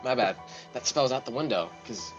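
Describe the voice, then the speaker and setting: A man's voice: mid-range voice, expressive, normal speed, over music. Rambling man with lo-fi sound. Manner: rambling, thinking aloud with restarts. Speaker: player. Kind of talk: casual tabletop role-play.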